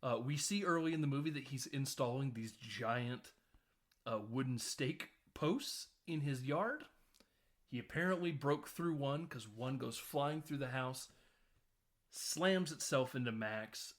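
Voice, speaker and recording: A man hosting a casual film podcast, recapping scenes with quick quoted voices. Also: medium pitch. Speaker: podcast host.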